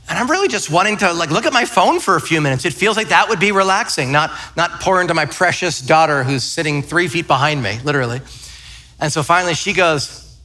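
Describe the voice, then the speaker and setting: Pastor, thirties, bright and fairly high voice, telling self-deprecating stories in a church sermon. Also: male voice, expressive, fairly quick. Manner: conversational storytelling, self-deprecating. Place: church sanctuary.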